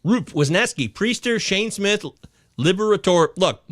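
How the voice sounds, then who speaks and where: A man hosting a live fantasy baseball chat show, reading viewer comments aloud with excitable, casually profane banter. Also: high-pitched, a little slow, a little hiss or hum. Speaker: fantasy baseball podcast host.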